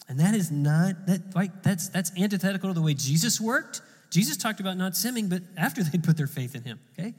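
Conversational preacher in a reverberant hall. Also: male voice, high-pitched, fairly quick, few pauses. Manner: conversational, repeats words, chuckles. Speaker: pastor. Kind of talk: sermon.

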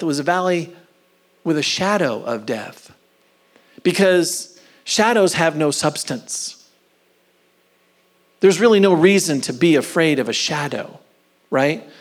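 A man preaching a sermon with deliberate, unhurried delivery. His voice sits a little higher than most men's. He swings between loud, emphatic lines and near-whispers, stretching out the phrases he wants to land. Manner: slow, drawn-out emphasis on key phrases. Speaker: pastor.

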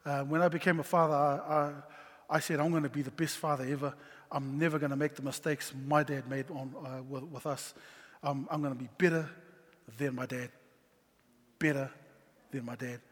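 A middle-aged man telling a personal story about being a father, earnest and halting, with many ums and restarts. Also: medium pitch, flat delivery, a bit bright, long reverb tail. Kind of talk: personal testimony talk.

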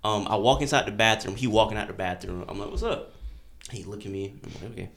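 Young male podcast co-host, animated storyteller, quick, bright delivery. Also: on the low side, slight background noise. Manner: animated, acts out quotes in shifting voices. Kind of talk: casual storytelling chat.

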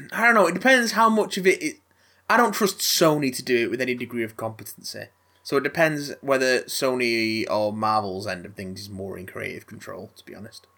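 A man co-hosting a casual podcast, telling rambling, animated stories that often restart. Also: medium pitch. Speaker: podcast co-host. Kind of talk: casual chat.

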